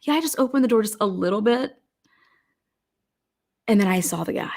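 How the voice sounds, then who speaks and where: A woman's voice: mid-range voice, lively intonation, brisk, creaky, a little mellow. A flustered young woman witness, as a woman puts her on in mockery answers in a hesitant, stumbling way. She sounds evasive and vague and keeps restarting her sentences. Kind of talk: mocking role-play.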